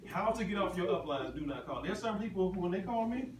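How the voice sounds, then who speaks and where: A man's voice: high-pitched, expressive, quick pace, few pauses. Man preaching business in an echoey hall. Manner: emphatic and repetitive, rhetorical questions to the crowd. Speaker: motivational speaker. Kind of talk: motivational convention talk. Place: large convention hall. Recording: echoey hall from far off, ambient noise.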